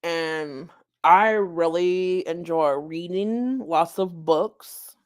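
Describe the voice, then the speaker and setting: A woman's voice: fairly low pitch, very slow. Giggly woman reading aloud casually. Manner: giggly, offhand, joking asides. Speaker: commentary channel host. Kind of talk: casual read-aloud with chat.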